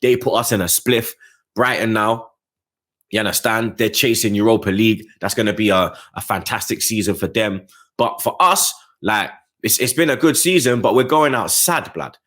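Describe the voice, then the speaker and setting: A man's voice: animated, moderate pace, fairly bright tone. A man giving a casual football match review, full of slang and constant asides to the listener, his voice jumping up on the points he cares about. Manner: slangy, keeps adding "blood, you get me"; passionate, rising pitch on key points. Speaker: football fan channel host.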